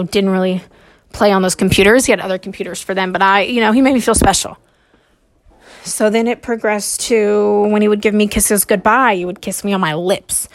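Woman podcast host, solo story monologue, halting, nervous, a little breathless, mid-pitched. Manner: hesitant, with frequent pauses and fillers.

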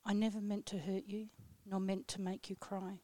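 In a radio studio, a woman appearing as guest poet reads her own work in a slow, grave, deliberate manner. Her voice is mid-pitched and dark, her delivery flat with little rise or fall, and the close, dry recording has no echo.

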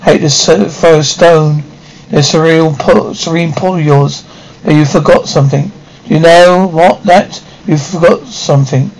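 A young adult actress plays a rebellious grown daughter who feels trapped at home, delivering sharp, scornful outbursts in the style of a 1950s TV drama. Her female voice is deep, steady in tone and unhurried, and the low-quality recording has a little hiss or hum.

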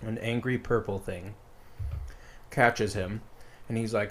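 A man's voice: fairly low pitch, steady tone, measured pace, pauses often, fairly bright tone, a little hiss or hum. A man casually retelling a story as a podcast co-host, rambling with lots of fillers.

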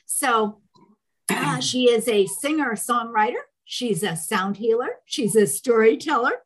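A woman hosts a podcast and speaks slowly and deliberately. Her voice sits on the higher side, and she heaps enthusiastic praise on her guest. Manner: gushing, enthusiastic introductions. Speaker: podcast host. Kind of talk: casual podcast interview.

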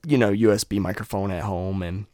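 A man's voice: fairly low pitch, fairly even intonation, fairly quick, warm tone, no echo, studio quality. A young man in a home room, chatting loosely to his viewers on a desktop mic and swearing freely. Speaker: vlogger. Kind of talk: casual rambling talk to viewers. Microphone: USB desktop mic.

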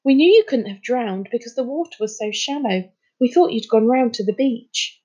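A woman voicing an anxious boy who rushes to explain himself, on a dull lo-fi recording. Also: a little high, animated, warm tone, husky.

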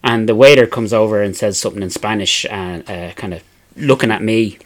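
Self-mocking Irish man telling stories. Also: lowish voice. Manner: self-deprecating, laughs often, halting restarts. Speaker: podcast co-host. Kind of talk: casual storytelling chat.

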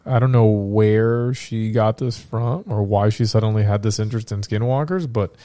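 A man's voice: lowish voice, steady tone, normal speed, dark tone, dry recording, clean studio sound. Sick man hosting a casual podcast. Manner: joking, rambling, self-interrupting. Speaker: podcast host. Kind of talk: casual podcast chat and reading research.

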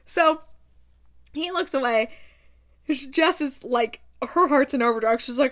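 A woman vlogging about a book she loves, retelling the story with excitement and reading passages aloud. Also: high-pitched, unhurried. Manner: gushing, retells scenes with excitement.

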